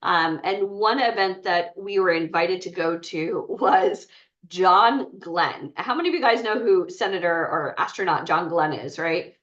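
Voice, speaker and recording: Woman, blunt and chatty, lively swooping pitch, muffled and distant. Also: a little slow. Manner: blunt, chatty, asks the audience questions. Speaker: bootcamp speaker. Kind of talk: motivational talk to an audience. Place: event room. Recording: muffled sound from far off.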